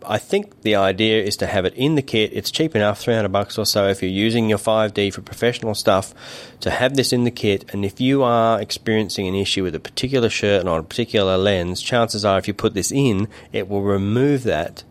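A man's voice: lowish voice, fairly quick, hardly any pauses. A middle-aged man co-hosting a podcast, chatting casually and rambling with many restarts and fillers. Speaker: podcast co-host.

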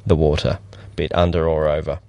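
A man's voice: rumbling low, little pitch movement, fairly quick, dark tone, dry recording. A man co-hosting a filmmaking podcast, telling rambling anecdotes in casual chat and acting out the quotes in a livelier voice. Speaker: podcast co-host, cinematographer.

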